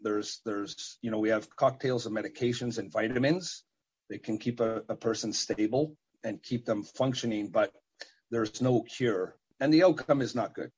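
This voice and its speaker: A man, a parent and event organizer, answering interview questions in a halting way, with many fillers and repeated words. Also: on the low side, darkish tone, breathy edge. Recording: dull lo-fi sound.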